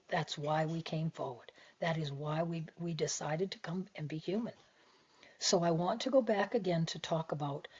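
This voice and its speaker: Earnest woman spiritual teacher, breathy and soft-spoken with hushed whispers, slightly deep voice. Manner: soft, gentle delivery that often drops to a hushed whisper; earnest and heartfelt. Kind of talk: reflective spiritual talk to camera. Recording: dull lo-fi recording.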